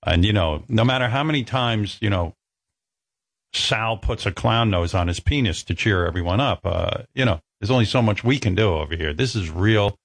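A man's voice: lowish voice, animated, moderate pace, creaky, no echo, studio quality. A man hosting a talk radio show, blunt, emphatic and sarcastic. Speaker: radio host.

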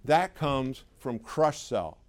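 A man's voice: mid-range voice, expressive, slow pace. A middle-aged man giving a live sales training seminar, talking in a conversational, emphatic way and putting questions to the audience. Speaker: sales trainer for clinic owners.

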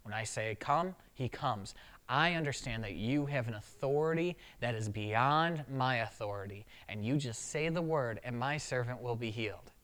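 A pastor voicing a humble, respectful Roman centurion in a sermon retelling, speaking low and earnestly. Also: normal speed, a little hiss or hum, lightly acted. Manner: low, quiet, earnest pleading. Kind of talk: sermon retelling with acted quotes.

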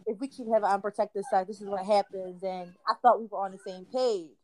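A woman's voice: mid-range voice, fairly even intonation, fairly quick, warm tone, low-quality recording. A woman from the Philadelphia area, a guest telling her personal story in a candid, chatty way and laughing between sentences. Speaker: interview guest.

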